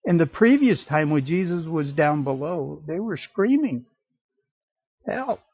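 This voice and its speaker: A man preaching a sermon in an animated way, acting out little voices and jokey asides. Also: a little high, moderate pace, breathy edge, no room sound, muffled recording.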